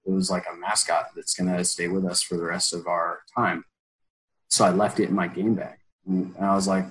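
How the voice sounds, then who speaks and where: A man in his twenties telling a story as an interview guest, animated and full of fillers, bursting into loud quoted pep talks. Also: sits low, moderate pace, slight background noise, poor audio. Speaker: former college baseball player, guest.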